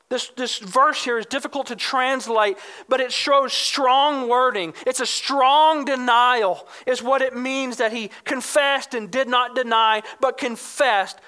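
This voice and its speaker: Preacher with a bright, clear tone; emphatic sermon delivery that explains and reads scripture. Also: mid-range voice, a little slow. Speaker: pastor.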